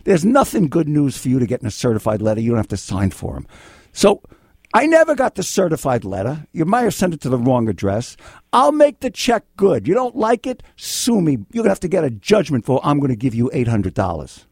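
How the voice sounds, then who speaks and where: An older man hosting a call-in legal advice radio show, blunt and excitable, swinging between yelling and calm. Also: a little high, fairly quick, slightly rough, no room sound, studio quality. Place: radio studio.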